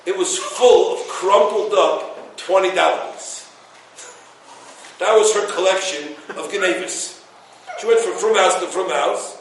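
Storyteller teacher, male, bright high voice, acts out quotes, heavy room echo. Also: takes it slowly. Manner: animated storyteller, acts out quotes, laughs at his own jokes. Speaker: Torah teacher. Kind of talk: informal Torah talk with stories. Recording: echoey room, distant mic, faint noise.

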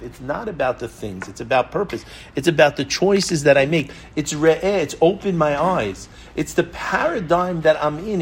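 Emphatic man preaching, higher voice. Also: slight background noise. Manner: emphatic, with repetition and rhetorical questions; storytelling. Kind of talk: sermon.

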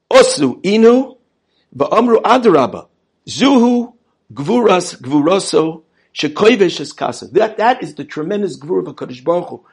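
Animated, gravelly-voiced male religious teacher. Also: high-pitched. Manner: emphatic, repeats phrases while building a point. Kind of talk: Torah lesson on prayer.

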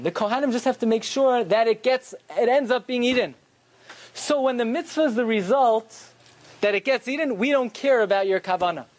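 A man giving a Torah lecture, telling stories with animated rhetorical questions. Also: very high-pitched. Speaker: Torah teacher.

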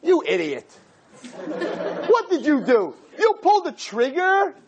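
A man, a rabbi, giving an animated, joking talk to teenagers and acting out little scenes as he goes. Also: very high voice, a little slow, muffled recording, some chatter behind, slight background noise. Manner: acts out voices of boys and girls, jokey, punchy.

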